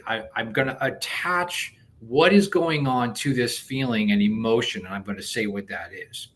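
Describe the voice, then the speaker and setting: A man being interviewed as a coach, explaining a technique step by step in an animated way, with frequent restarts. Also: medium pitch, a little slow. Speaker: guest coach. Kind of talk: conversational interview.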